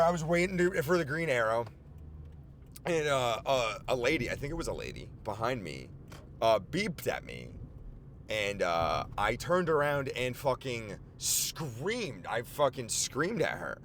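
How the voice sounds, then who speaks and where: A man in his twenties giving a rambling, animated comic monologue from inside his car, swearing often. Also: mid-range voice, slight background noise. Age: 20s. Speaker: podcast host. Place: inside a car while driving and parking.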